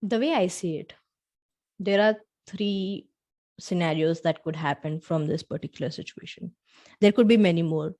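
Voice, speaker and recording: A woman's voice: lowish voice, moderate pace, a little mellow. A young adult woman hosting a solo podcast. She talks earnestly and straight to the listener, acting out small dialogues as she tells a story. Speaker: podcast host.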